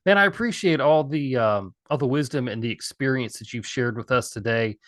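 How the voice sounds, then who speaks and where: A man's voice: mid-range voice, a little fast, fairly bright tone, no room sound. Guy hosting a podcast, friendly encouraging questions, dry close sound. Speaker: podcast host. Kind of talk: podcast interview conversation.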